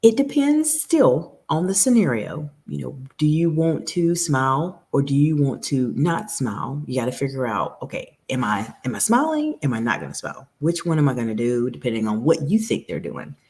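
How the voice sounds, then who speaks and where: A woman's voice: extremely low pitch, big pitch swings, moderate pace, few pauses, a little mellow. A woman coaching professional women on communication, speaking straight to her viewers in an earnest, advisory way. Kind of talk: direct-to-camera coaching talk.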